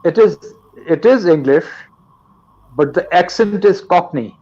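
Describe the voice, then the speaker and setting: Slow-speaking older man giving a lesson. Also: sits high, animated, mellow, highs cut off. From Pakistan. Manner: slow, deliberate, lecturing. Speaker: guest teacher. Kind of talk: live online English lesson.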